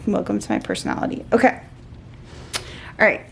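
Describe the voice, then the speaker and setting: A woman vlogging a casual unboxing, gushing and excitable, often talking to herself. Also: mid-range voice, brisk, creaky, slight background noise.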